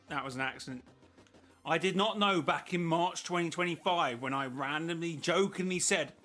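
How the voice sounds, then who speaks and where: A man's voice: on the high side, pushed and bright. A man streaming a game, chatting casually with his viewers in a rambling, self-interrupting way. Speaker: gaming streamer.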